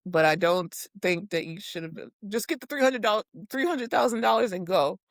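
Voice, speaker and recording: A woman co-hosting a podcast in casual chat, animated and laughing, swearing freely and acting out quotes. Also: medium pitch, normal speed, dry recording, studio quality. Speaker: podcast co-host. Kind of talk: casual chat recapping reality TV.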